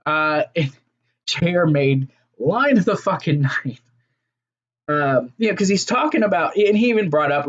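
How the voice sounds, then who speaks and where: A man's voice: a little high, very animated, moderate pace, highs cut off. A man giving a casual, rambling solo review of a wrestling show, swearing freely and trailing off into fillers. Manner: profane, rambling, fillers and restarts.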